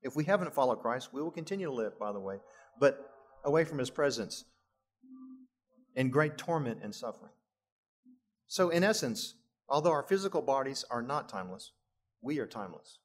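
A man's voice: mid-range voice, animated, moderate pace, long pauses. A middle-aged male pastor preaching a sermon, lifting his voice for emphasis and adding chuckling asides.

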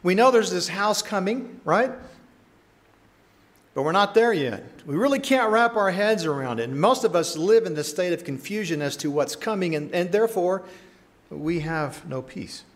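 A male pastor delivers a sermon with a fairly high voice. He preaches in a lively, conversational manner and keeps turning to his listeners with questions. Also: normal speed.

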